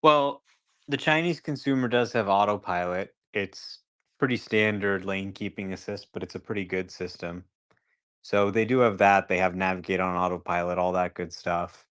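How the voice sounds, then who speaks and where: Appearing as a guest analyst on a casual podcast, a man talks conversationally in a low, smooth voice at normal speed. He becomes animated whenever he acts out a scenario.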